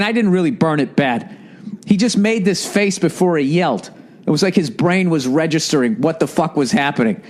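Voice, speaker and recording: A man hosts a comedy podcast and tells a long anecdote with loose, profane energy, circling back through asides. His voice sits a bit high for a man. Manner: profane and rambling, with many asides. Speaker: podcast host. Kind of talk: comedic storytelling.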